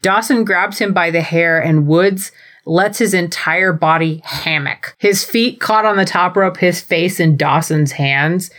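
Female podcast host, animated and playful, casual recap chat. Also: lowish voice, a little slow. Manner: animated, giggly, playful storytelling. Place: home.

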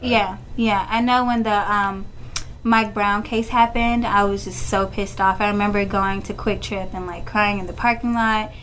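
Young woman, flat delivery, casual filler-heavy speech, faint background noise. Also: mid-range voice, normal speed, low-quality recording. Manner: casual, heavy use of like, emotional retelling. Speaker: interviewee, victim's partner. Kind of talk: recounting interview.

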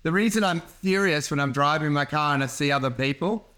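High-voiced, laughing comedian. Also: male voice, a little fast, pushed and bright. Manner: rambling, laughing and swearing. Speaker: comedian and podcast host. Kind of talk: casual podcast chat.

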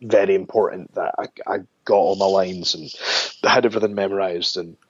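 A man being interviewed about his wrestling career, talking in a relaxed, rambling way with many restarts. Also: sits low, a little fast, slightly rough, no echo. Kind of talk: casual phone interview. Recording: dull lo-fi dry sound.

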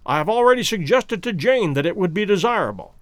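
A fussy old professor clucks and tuts in a high, lively voice, as a male audiobook reader puts him on. He sounds absent-minded and easily flustered, with pitch that leaps about. The recording is close and dry. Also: fairly quick, no echo. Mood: rueful. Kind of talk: audiobook character voice.

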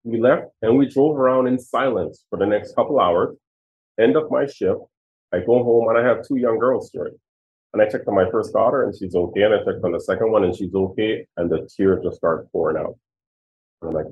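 This retired Jamaican police chief, now in his sixties, is a guest sharing heartfelt personal stories in interview answers. He speaks a little fast in a lowish, darkish voice. The audio sounds thin and tinny, like a phone call.

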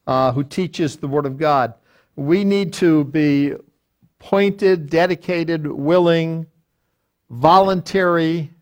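An older man, a pastor, teaching a Bible study verse by verse, quoting reference books aloud and often restarting with fillers. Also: on the high side. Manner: deliberate, quotes lexicons aloud, frequent fillers and restarts.

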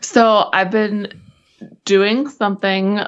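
A woman's voice: medium pitch, fairly even intonation, slow, clear, resonant tone, highs cut off. A young woman co-hosting a podcast in casual chat, joking and trailing off mid-sentence. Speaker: podcast co-host.

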